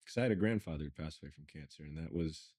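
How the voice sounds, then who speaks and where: A man hosting a podcast, asking quick follow-up questions and chiming in with short affirmations. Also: rumbling low, darkish tone, husky, dry recording, clean studio sound. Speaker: podcast host. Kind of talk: casual interview.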